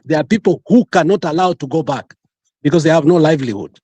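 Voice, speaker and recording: A man's voice: on the high side, lively intonation, fast, mellow, slightly rough, dry recording. A man with a Kenyan accent arguing insistently in a heated livestream debate, talking over others and switching between English and Swahili. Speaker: panelist.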